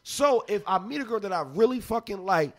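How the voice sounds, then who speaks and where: A fired-up man on a studio podcast, holding forth like a preacher and cutting into everyone else's points. His voice sits fairly high for a man and swings widely up and down as he rants. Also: a little fast. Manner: loud, profane, preachy and animated, talks over others. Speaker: podcast co-host. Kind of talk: heated casual debate.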